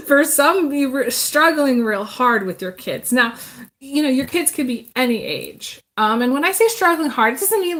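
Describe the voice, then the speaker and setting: A woman giving a casual live tarot reading, rambling and chatty, with many pauses and restarts. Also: a little high, fairly bright tone. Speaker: tarot reader.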